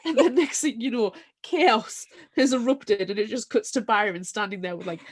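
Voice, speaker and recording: A woman's voice: a little high, moderate pace. A woman co-hosting a podcast in casual book talk, retelling scenes with animation and laughing along. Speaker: podcast co-host.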